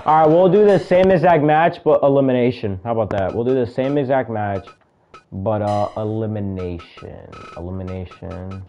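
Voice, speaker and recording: A young man casually commentating a video game he is playing, calling moves with excitement, shouting at big moments and muttering asides to himself. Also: on the low side, normal speed, dull audio, faint music behind. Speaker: gaming video creator.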